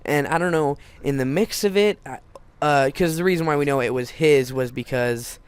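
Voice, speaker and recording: A man's voice: fairly high pitch, moderate pace, clean tone, no echo. A teenage boy telling a personal story in a casual, rambling way, full of restarts and fillers.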